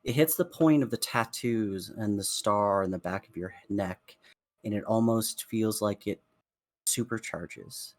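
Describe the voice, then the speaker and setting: Slow, hushed male dungeon master. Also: on the low side, no room sound. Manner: hushed, drawn-out storytelling with soft fillers. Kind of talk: slow descriptive game narration.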